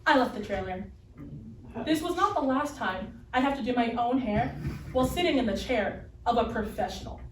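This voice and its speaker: A woman reading first-person stories aloud in a readers theater performance, wry and unhurried, heard from a distant mic on a roomy stage. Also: fairly high pitch, animated, background noise.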